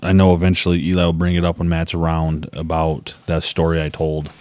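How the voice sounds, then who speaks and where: A low-voiced young man tells a story on a podcast, loose and chatty, jumping into the voices of the people in it. His voice sounds dry and close, with little room around it. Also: a little fast, no room sound. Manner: animated storyteller, acts out quoted voices. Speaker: podcast host. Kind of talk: casual chat, storytelling.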